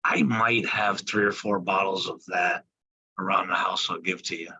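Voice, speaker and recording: Bright-voiced friendly man chatting. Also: sits low, fairly even intonation, normal speed, slightly rough, rough recording. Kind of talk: casual chat.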